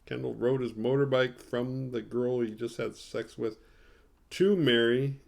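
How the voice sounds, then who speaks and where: Some guy doing a rambly sweary horror movie recap, sarcastic, mid-pitched voice. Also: unhurried, gravelly. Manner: rambling and profane, with sarcastic asides. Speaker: horror movie review podcast host. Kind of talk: casual spoiler-filled movie recap.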